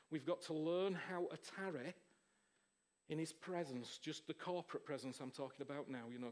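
Excitable preacher, fairly high. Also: male voice. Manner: excitable, rambling, chuckling. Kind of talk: informal charismatic sermon.

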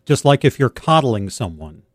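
Man, radio co-host, teasing wry banter, animated pitch, dry studio sound. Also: normal speed, no room sound. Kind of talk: casual talk radio banter.

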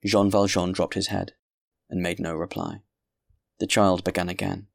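A man narrating a classic novel in a measured, grave reading voice. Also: sits low, flat delivery, vocal fry, no room sound, studio quality. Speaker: audiobook narrator. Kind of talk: scripted narration.

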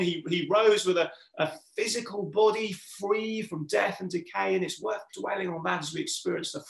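A man's voice: high voice, moderate pace, vocal fry, hardly any pauses. A man preaching a sermon, earnest and putting questions straight to his listeners. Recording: echoey room.

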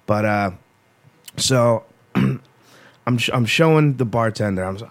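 A man's voice: fairly low pitch, normal speed. A man co-hosting a podcast who tells rambling stories in casual chat and swears often. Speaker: podcast co-host.

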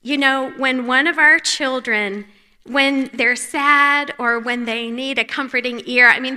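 A woman from North Carolina with a Southern accent speaks earnestly at a women's conference, often sinking to a soft hush. Her voice sits fairly high and sounds bright and clear. The long reverb of a large church hall trails after each phrase. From North Carolina, USA. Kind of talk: devotional talk.

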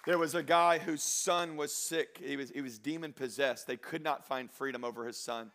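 Bright-voiced preaching man. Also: steady tone, some chatter behind, a little hiss or hum. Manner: swings from loud shouted exhortation to low quiet storytelling; slows down and stretches phrases for emphasis. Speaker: pastor. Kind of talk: sermon.

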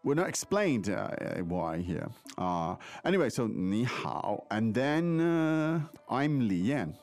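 A man's voice: medium pitch, very animated, takes it slowly, a little mellow. A man hosting a podcast language lesson, chatty and asking leading questions. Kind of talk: casual teaching chat.

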